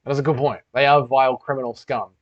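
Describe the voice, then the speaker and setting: A man's voice: mid-range voice, flat delivery, fast talker. A young man hosting a casual livestream Q&A, reading chat aloud and bantering crudely with heavy swearing. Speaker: livestream host. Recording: dull lo-fi stream audio.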